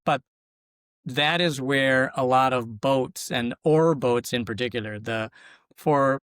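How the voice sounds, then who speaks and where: A man's voice: medium pitch, slow pace, a bit bright, clean tone, no room sound, studio quality. A man in his seventies from Minnesota, with a Minnesotan accent, reflecting and telling stories as a podcast guest. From Minnesota, USA. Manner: reflective, storytelling, thinks aloud with restarts. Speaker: guest, local government consultant. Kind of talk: casual podcast interview.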